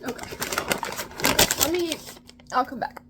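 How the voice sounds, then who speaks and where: A young woman vlogging about food in a casual, gushing, excitable way, with drawn-out exclamations. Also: sits high, slight background noise, poor audio.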